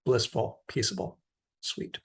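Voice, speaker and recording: A man giving a recorded university lecture, explaining in a casual way with frequent fillers. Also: unhurried.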